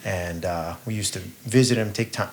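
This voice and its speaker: A man's voice: on the low side, moderate pace. Male podcast co-host; blunt, profane storyteller; faint noise. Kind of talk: casual podcast chat.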